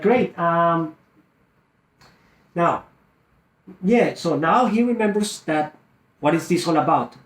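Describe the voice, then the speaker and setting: A man's voice: fairly high pitch, echoey room. A man coaching real estate wholesalers, teaching a phone script and acting out both sides of the call.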